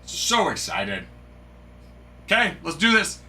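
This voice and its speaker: A man hosts a live card-opening stream, and his talk is chatty and excitable, with sudden yells of delight. His voice sits a bit high and sounds very bright and sharp. He takes his time between his words. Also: measured pace, slight background noise. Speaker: host of a live sports card break stream.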